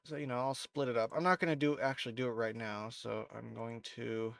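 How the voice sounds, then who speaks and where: A man with a stuffy, nasal voice, thick with allergies, talks through a screen-recorded tutorial in a loose, rambling way. His pitch sits in a middling range. The sound is dry and close, with no room echo. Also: brisk, vocal fry. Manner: rambling, relaxed, self-correcting. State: stuffy with allergies, sniffling and coughing. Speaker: video creator. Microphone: desk microphone.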